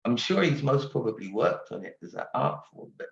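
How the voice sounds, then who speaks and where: An English man in his sixties tells stories as a guest, animated and quick to laugh. His voice sits in an echoey room. The sound is a little dull and muffled. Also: mid-range voice, vocal fry. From England. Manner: animated storyteller, laughs often. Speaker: guest singer. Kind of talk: casual interview chat. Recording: roomy, dull-sounding audio.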